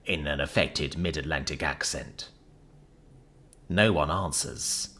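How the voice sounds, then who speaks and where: A man narrating a sci-fi story in a steady first-person storytelling manner. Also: rumbling low, slow. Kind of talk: scripted audiobook narration.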